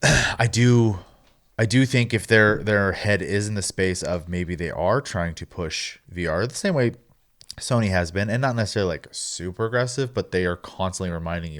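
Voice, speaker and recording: A man with a very deep voice chats about video games as a podcast co-host. He talks in an easygoing, agreeable way and uses plenty of fillers. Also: moderate pace, fairly bright tone.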